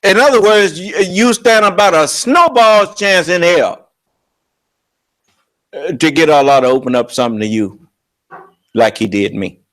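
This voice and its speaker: A man preaching on scripture with emphatic, confrontational delivery, slowing down to draw out quoted verses. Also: on the high side, lively intonation, a bit bright. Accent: American. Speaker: religious leader and teacher.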